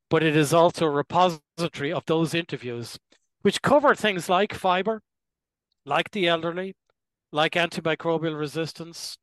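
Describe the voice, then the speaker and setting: An older man, a gastroenterologist, giving measured, explanatory interview answers and clearing his throat now and then. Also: fairly high pitch, fairly bright tone, no echo, rough recording. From Ireland. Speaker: gastroenterologist guest.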